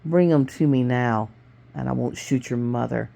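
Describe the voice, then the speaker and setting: A nervous mugger growls threats in a low, clipped voice, as a woman acts him out. The voice stays deep and hard in a read-aloud storybook. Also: moderate pace, creaky, mellow. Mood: menacing.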